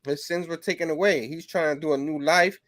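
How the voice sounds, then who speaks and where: A man hosting a casual comic review show, rambling with lots of fillers and breaking into animated quoted bits. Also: a little high, fairly quick, dry recording. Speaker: comic book show host.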